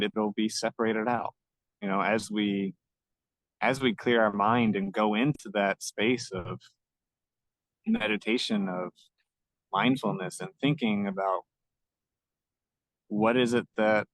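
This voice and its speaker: A man co-hosting a podcast, explaining his ideas earnestly and gently in a casual conversation. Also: fairly low pitch, a little slow, long pauses, no echo, rough recording. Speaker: podcast co-host.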